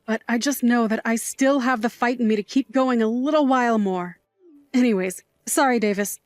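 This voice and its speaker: A woman's voice: on the high side, moderate pace, no room sound, lightly acted. An actress voicing a glamorous, doting middle-aged aunt who works nights at a bar, fussy and theatrical in her manner. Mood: wistful. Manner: fussy, dramatic, gushing. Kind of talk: audio drama acting.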